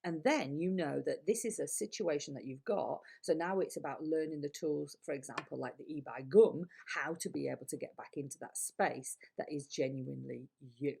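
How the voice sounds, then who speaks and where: A woman's voice: deep voice, normal speed, creaky, few pauses, a little mellow, slightly rough. A woman with a Yorkshire accent, a public speaking coach giving candid, chatty advice straight to camera. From Yorkshire, England. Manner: candid and chatty, with blunt asides. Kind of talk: casual to-camera advice talk.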